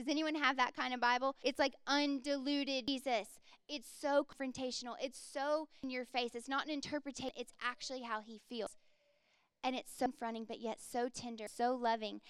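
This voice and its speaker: A woman's voice: high-pitched, clear, resonant tone, dry recording. A woman in her thirties preaching a sermon as a pastor, earnest and conversational, with frequent casual fillers.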